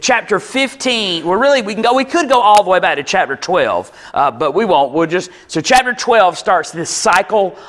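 A man preaching a sermon in a church, reading scripture and adding relaxed, conversational asides. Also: high voice, normal speed, few pauses. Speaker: pastor.

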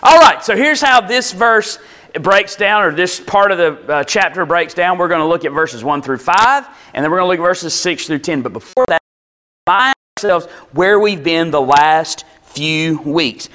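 A man preaching a sermon in a church, reading scripture and adding relaxed, conversational asides. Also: on the high side, normal speed. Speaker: pastor.

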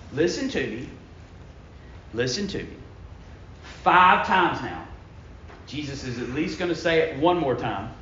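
Emphatic preacher man, echoey church. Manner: emphatic, building to loud bursts then dropping low. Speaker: pastor. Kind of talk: sermon. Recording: echoey room, dull lo-fi sound.

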